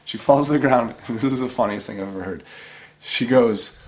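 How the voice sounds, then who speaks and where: A man telling a story in a casual interview in an animated, profane way, laughing as he goes. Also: medium pitch, moderate pace.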